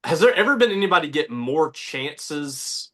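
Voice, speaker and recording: A man with a Southern US accent co-hosting a casual sports chat podcast, animated and rambling as he tells stories. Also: fairly high pitch, normal speed. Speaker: podcast co-host. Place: radio studio.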